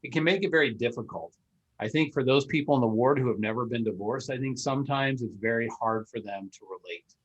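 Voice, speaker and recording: A man hosts a podcast and talks in a loose, rambling way, filling his sentences with "uh" and "um". His voice sits at an ordinary middle pitch. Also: a little fast, slightly rough, dull audio. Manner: rambling, filler-heavy. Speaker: podcast host. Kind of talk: casual interview chat.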